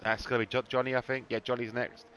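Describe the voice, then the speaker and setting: A man's voice: mid-range voice, flat delivery, fairly bright tone, soft background music. A man commentating on a sim race in a casual live stream, swearing freely and joking between calls. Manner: banter-heavy, swears casually, quick to laugh.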